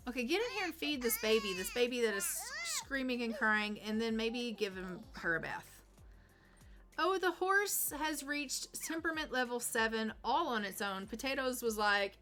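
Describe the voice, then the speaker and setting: A woman's voice: on the high side, animated, normal speed, a bit bright, soft background music. A woman streaming a life-sim game, chatting casually with dry, sarcastic asides. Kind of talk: casual gameplay commentary.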